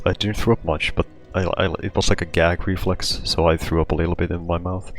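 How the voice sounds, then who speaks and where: Male host, very low voice, casual rambling monologue, lots of filler words. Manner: rambling, heavy use of "like", frequent restarts. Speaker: podcast host.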